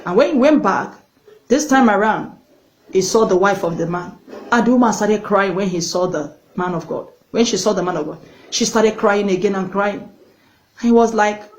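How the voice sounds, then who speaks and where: A woman's voice: medium pitch, expressive, moderate pace, a little hiss or hum, poor audio. Earnest woman evangelist preaching. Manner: earnest, directly addresses viewers; storytelling, repeats for emphasis. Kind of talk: sermon.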